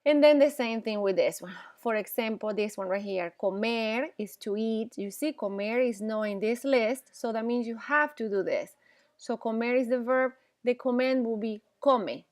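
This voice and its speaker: A woman's voice: on the high side, moderate pace. A woman teaching Spanish, explaining grammar patiently, repeating examples and often checking in with "okay?". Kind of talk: classroom grammar lesson.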